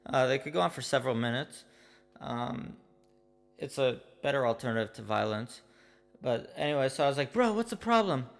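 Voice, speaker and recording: A man from Canada telling a comic personal story in a casual, slangy, deadpan way. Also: mid-range voice, normal speed, vocal fry, soft background music.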